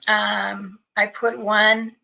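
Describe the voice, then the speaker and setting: Chatty woman with a gravelly, bright voice. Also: medium pitch, flat delivery, takes it slowly, a little hiss or hum, low-quality recording. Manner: chatty storytelling, greeting viewers. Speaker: livestream host. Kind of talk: casual livestream chat.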